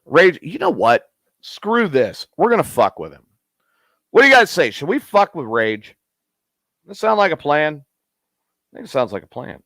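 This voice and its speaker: A man hosts a late-night show in a casual, crude, rambling way. His voice sits a bit high and leaps around a lot as he gets excited. The sound is dry and close, with no room echo. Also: normal speed, vocal fry, long pauses. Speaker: host.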